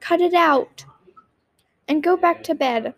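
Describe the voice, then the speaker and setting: A woman's voice: extremely high pitch, slow, fairly bright tone, full character voice. A woman voicing a tough, smart orphan girl who leads the others and gives orders. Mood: commanding. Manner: commanding.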